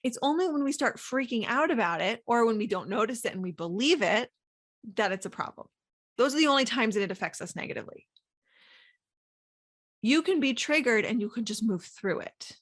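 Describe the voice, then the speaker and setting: A woman's voice: a little high, animated, brisk. A woman hosting a solo coaching podcast, talking casually with many fillers and acting out inner thoughts. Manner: chatty, lots of "like" fillers, acts out inner voices.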